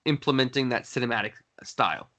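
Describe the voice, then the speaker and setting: A man co-hosting a casual wrestling chat, lively and acting out quotes. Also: mid-range voice, fast. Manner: lively recapper who acts out quotes. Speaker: podcast co-host.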